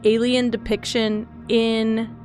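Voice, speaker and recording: A young adult woman streaming, chatting casually and gushing excitedly, swinging between loud squeals and soft teary asides. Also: fairly high pitch, slow, soft background music. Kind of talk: casual live-stream chat.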